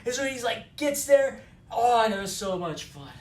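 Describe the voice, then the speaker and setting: A man co-hosting a film talk, excitedly retelling a movie scene and acting out the lines, recorded at a distance in an echoey space. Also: very high voice, normal speed. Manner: animated retelling, acting out quotes. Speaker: co-host. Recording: roomy echo, far from mic.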